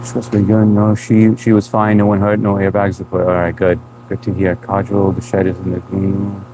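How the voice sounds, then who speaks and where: Chatty low-voiced man with a slight Indian lilt. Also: normal speed, noisy background. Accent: mix of Indian and New England. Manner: relaxed, chatty, laughs often, trails off in restarts. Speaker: livestream host. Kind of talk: casual live-stream chat reading comments.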